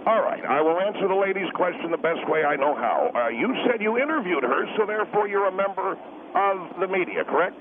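A shrill, pompous official swoops up and down as he sneers and drags out his words. His voice is very high and nasal. It comes over a tinny, phone-like radio line with steady hiss. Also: brisk. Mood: smug, mocking. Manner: mocking, repeats himself, drags out words. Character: shrill pompous male official, smug and combative.

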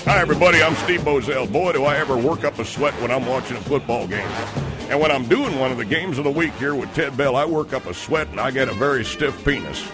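A man voicing a crude, rambling male color commentator in an improvised comedy sportscast, talking low and deadpan about oversharing things. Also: quick pace, music in the background, natural voice.

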